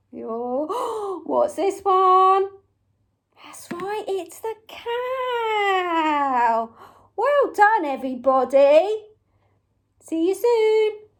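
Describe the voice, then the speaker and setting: A woman's voice: very high-pitched, animated, extremely slow, long pauses. A young woman leading a memory game for small children, gasping with surprise and making animal sounds. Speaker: early years teacher.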